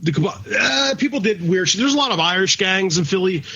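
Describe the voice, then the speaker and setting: A man's voice: sits high, lively intonation, a little fast, pushed and bright, dull audio. A man with a Philadelphia accent co-hosting a podcast in casual chat, rambling, swearing freely and drifting off topic. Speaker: podcast co-host.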